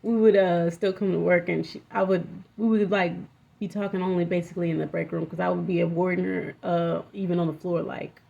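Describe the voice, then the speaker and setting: A woman's voice: fairly low pitch, little pitch movement, a little fast, gravelly, mellow. A young woman telling a personal story in a candid, rambling, profane way, with lots of fillers. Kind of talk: casual storytime vlog. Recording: dull lo-fi audio.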